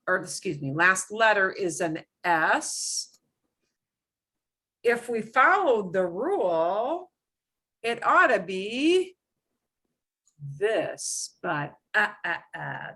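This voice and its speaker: A middle-aged woman teaching an online lesson, her bright voice slow and patient. She repeats points and leans hard on her examples, pitch swinging up and down as she explains. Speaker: Spanish teacher.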